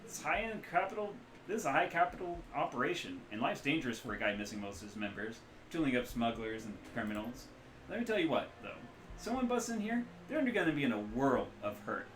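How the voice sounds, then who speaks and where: A man voicing a cheerful, hungover, scarred middle-aged man who runs a cybernetic back-alley clinic, speaking loud and boastful with a loose Midwestern accent. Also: medium pitch, lively intonation, a little fast, a little hiss or hum, voice pushed up, natural voice. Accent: loose Midwestern American. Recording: roomy echo, faint room ambience.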